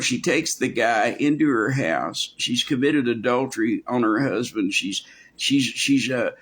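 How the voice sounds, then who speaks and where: A man's voice: mid-range voice, a bit bright. A man preaching a verse-by-verse sermon in a folksy way, acting out quoted voices, with many restarts. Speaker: pastor. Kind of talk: expository sermon.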